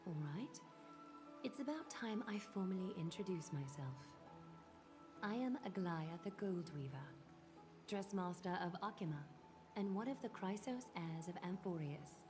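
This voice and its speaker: A woman's voice: medium pitch, animated, measured pace, lightly acted. Aglaya, a woman voicing a posh British noblewoman. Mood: soothing. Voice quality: posh, proper, soft-spoken. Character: poised, refined noblewoman weaver, calm and soothing. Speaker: game character. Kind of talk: video game voice acting. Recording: game audio with music behind.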